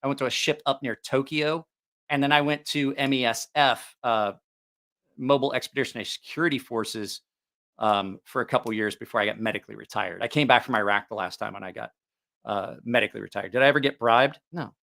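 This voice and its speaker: A man's voice: medium pitch, brisk, creaky, bright, forceful tone. A man hosting a casual livestream about knives, joking, teasing viewers and laughing often. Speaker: knife channel host.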